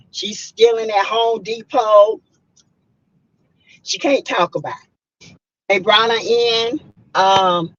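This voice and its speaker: This is casual livestream commentary from a middle-aged woman in South Carolina who reviews reality TV, greeting viewers by name and sharing blunt opinions. She has a mid-range voice with a breathy edge, and the recording sounds muffled.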